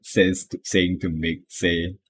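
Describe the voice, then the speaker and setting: A man narrating as game master of a tabletop game, halting and laughing often. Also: deep voice, level tone, a bit bright.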